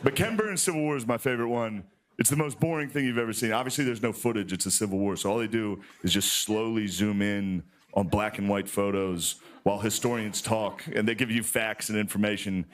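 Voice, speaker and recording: A man doing a stand-up monologue on a television studio stage, animated and jumping up in pitch to mock things. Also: a little fast. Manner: animated, jumps up in pitch when mocking. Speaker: stand-up comedian.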